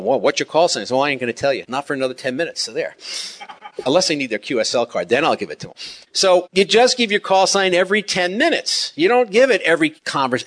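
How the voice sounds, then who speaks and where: A man's voice: fairly high pitch, a bit bright. A man giving a folksy, joking talk on amateur radio to a live audience, drifting into side stories as he goes.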